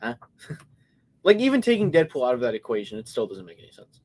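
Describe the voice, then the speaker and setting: A man of middle pitch co-hosts a casual movie podcast and talks quickly and with energy. He retells scenes by acting out the characters' lines, with laughs breaking into his story. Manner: animated storyteller, acts out scenes. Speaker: podcast co-host. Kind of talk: casual movie review chat.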